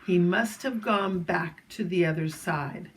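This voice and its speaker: A woman reading a children's chapter book aloud, gentle and storytelling, with asides to young listeners. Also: fairly low pitch, a little slow, poor audio.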